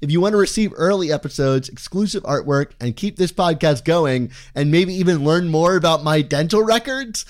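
Male podcast co-host, slightly high voice, playful and self-mocking, a touch heavy on the S sounds. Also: expressive, normal speed, few pauses. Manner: playful, wordy, self-deprecating. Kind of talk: casual podcast chat.

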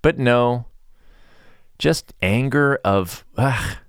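A man hosting a podcast in a relaxed, mellow mood, chatting in a rambling way with a sarcastic streak. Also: fairly low pitch, fairly quick, dry recording, studio quality. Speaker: podcast host. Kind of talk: casual podcast monologue.

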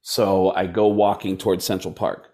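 A man, a comedian, telling stories casually and animatedly, dropping into quick impressions of other people. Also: low-pitched, little pitch movement, dark tone. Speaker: comedian guest. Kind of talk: casual storytelling.

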